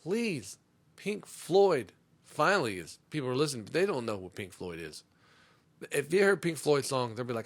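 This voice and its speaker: A middle-aged man on a comedy podcast telling a profane story, swinging between loud outbursts and muttered asides. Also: fairly high pitch, animated, moderate pace. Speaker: podcast host.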